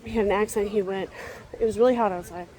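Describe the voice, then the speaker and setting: A woman's voice: medium pitch, fairly even intonation, fast talker, mellow, rough recording. A young woman talking to her phone camera as she walks around a zoo outdoors, rambling and sighing, exhausted. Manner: rambling, tired, sighing often. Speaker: vlogger. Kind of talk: rambling vlog chat. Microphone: handheld phone camera.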